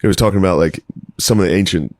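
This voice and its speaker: A man co-hosting a podcast in casual comedic chat, laid-back, deadpan and profane. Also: deep voice, fast talker, no echo. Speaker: podcast co-host.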